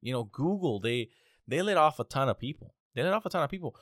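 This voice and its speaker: A young man rambles through a casual rant, growing exasperated and dropping curses as he goes. His voice sits at an ordinary male pitch. The recording is dry and close, with no room sound. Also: animated, fast talker, no echo. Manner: exasperated, profane, rambling with restarts. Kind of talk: casual ranting monologue.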